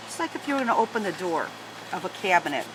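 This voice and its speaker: A woman's voice: on the low side, sing-song, fast, a little hiss or hum, rough recording. A woman teaching a paper-folding tutorial at home, guiding each fold patiently and step by step. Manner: patient step-by-step instruction, chats to her dogs. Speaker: origami teacher. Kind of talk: hands-on craft tutorial.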